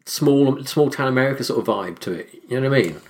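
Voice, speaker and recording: A man's voice: mid-range voice, lively intonation, fast. Man, podcast co-host, sweary and dismissive in casual chat. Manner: blunt, sweary, dismissive remarks. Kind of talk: casual film review chat.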